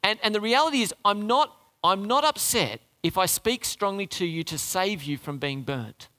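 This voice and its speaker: A man's voice: high-pitched, lively intonation, normal speed, bright, forceful tone, long reverb tail. A man preaching a sermon as pastor, talking conversationally and putting questions to the congregation.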